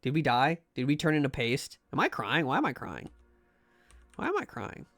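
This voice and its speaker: A man's voice: on the high side, huge pitch swings, moderate pace, a bit bright, dry recording, soft background music. A young man streaming a horror game, chatting to his viewers in a rambling, jokey way with many restarts and asides. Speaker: livestreamer playing a horror game. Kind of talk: casual gameplay commentary to chat.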